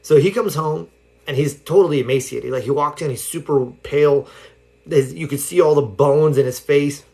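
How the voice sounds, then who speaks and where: A man's voice: fairly high pitch, moderate pace, gravelly, darkish tone. Rambling man telling stories on a livestream. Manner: rambling storytelling with many fillers. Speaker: self-help speaker. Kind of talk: casual livestream talk. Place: home livestream.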